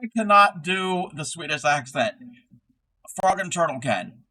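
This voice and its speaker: A man's voice: a little high, lively intonation, measured pace, bright, forceful tone, rough recording. A man chatting casually on a livestream while crocheting, reading chat aloud and laughing often. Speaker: streamer crocheting live.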